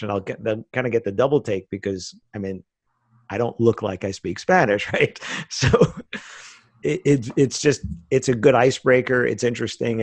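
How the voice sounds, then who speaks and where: A middle-aged American man appears as a podcast guest, casually chatting and telling stories with frequent laughter. His pitch is fairly low, and the recording is dry.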